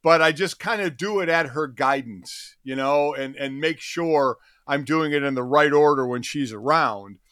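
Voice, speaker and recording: A man's voice: a little high, moderate pace, few pauses, a bit bright, clean tone, no echo, clean studio sound. A middle-aged man co-hosting a sports talk show, easygoing and self-mocking. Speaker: co-host.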